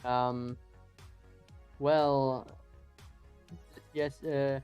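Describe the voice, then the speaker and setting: A man, a guest on a casual chat, who talks in a hesitant, halting way and laughs a lot. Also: mid-range voice, little pitch movement, darkish tone, clear, resonant tone, faint music behind.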